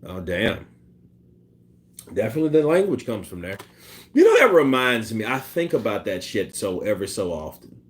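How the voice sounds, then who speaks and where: Male streamer host, animated delivery, profane casual boxing chatter. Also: on the low side, moderate pace, pauses often. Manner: loose and profane, with bursts of laughter; imitates punch sounds and quotes people in put-on voices. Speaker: boxing commentary host reading live chat. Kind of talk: casual live-stream chat.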